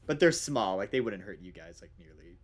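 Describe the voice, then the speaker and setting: Low-voiced man running a tabletop game. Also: big pitch swings, a little fast. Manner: casual, rambling, many fillers. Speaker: game master.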